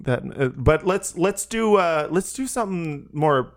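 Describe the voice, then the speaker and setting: A man's voice: fairly high pitch, animated, a little slow. A man co-hosting a comedy podcast, chatting casually and poking fun at himself. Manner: self-deprecating, laughing often. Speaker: podcast co-host.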